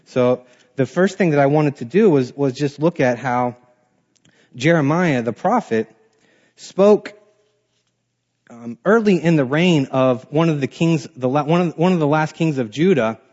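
A man's voice: fairly high pitch, animated, a little slow, a little mellow, dull audio. A man teaching a Bible class in a casual way, reading scripture aloud and then explaining it in plain words.

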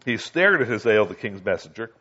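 A man's voice: very animated, sharp tone, husky. Preacher man teaching scripture, lo-fi recording. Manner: conversational, asks listeners "Okay?" and "do you understand?"; reads scripture slowly and acts out quoted voices higher. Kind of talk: expository Bible teaching. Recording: dull lo-fi recording.

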